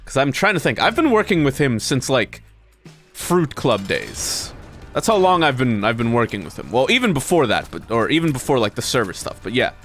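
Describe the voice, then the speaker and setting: A man's voice: medium pitch, normal speed, soft background music. A man streaming a video game, chatting casually with viewers, swearing often and laughing between complaints about his run. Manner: animated, swearing, frequent laughter. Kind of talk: casual gameplay commentary.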